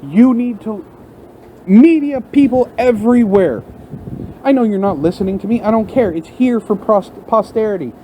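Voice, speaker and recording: A man with a high, mellow voice rants into his phone in a heated, profane tirade. He sounds plainly angry and swears freely. A faint hum of traffic and room sound sits behind him. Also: lively intonation, moderate pace, low-quality recording. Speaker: vlogger. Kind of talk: unscripted rant to camera. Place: at work, in front of a large window.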